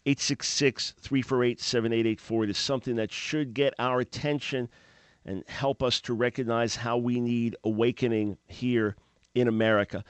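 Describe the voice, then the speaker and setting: A man's voice: medium pitch, flat delivery, moderate pace, clear, resonant tone, dry recording. A man hosting a religious radio talk show, speaking in an emphatic preaching manner and often repeating words as he starts a phrase.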